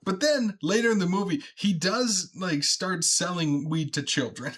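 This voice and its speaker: A man's voice: high voice, measured pace, fairly bright tone. A young man in a casual podcast chat about a movie, laughing often as he retells scenes. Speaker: podcast co-host.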